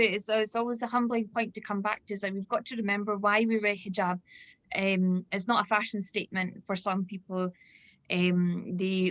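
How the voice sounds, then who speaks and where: A woman's voice: medium pitch, fairly bright tone, no echo. Chatty Scottish woman on a video call. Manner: chatty, many fillers and restarts. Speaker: event host. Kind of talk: casual panel chat on video call. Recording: dull lo-fi video call audio.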